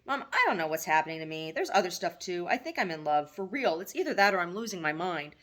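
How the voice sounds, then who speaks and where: A woman's voice: lowish voice, very animated, fast talker, a bit bright. A woman voicing a grown son, an anxious and lovesick young man, in an earnest, pleading way.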